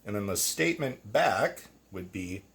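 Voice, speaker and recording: Man, lowish husky voice, lively pitch, patient unhurried teacher explaining grammar. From Ireland. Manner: chatty, patient, asks and answers own questions. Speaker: language teacher.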